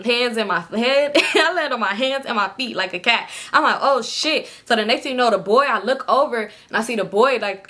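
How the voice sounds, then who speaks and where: A young woman telling a storytime story in a casual, animated way, swearing freely and acting out quotes in a higher voice. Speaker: storytime vlogger.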